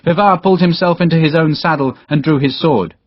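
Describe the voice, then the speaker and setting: Reading from a script, this male audiobook narrator speaks a little fast in a voice on the high side, performing all the characters with dramatic flair. There's no echo, and the lo-fi sound is dull and dry.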